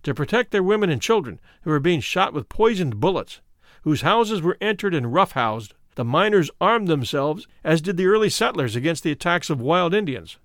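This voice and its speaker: A man's voice: on the high side, sing-song, fairly bright tone, no room sound. Somber male narrator, dry close sound. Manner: measured, somber storytelling. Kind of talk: dramatic first-person reading of a memoir.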